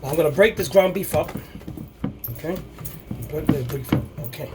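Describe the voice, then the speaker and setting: A man hosting a casual home cooking video, talking in a rambling, halting way with many restarts. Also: fairly high pitch, loud music behind the voice. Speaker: cooking show host.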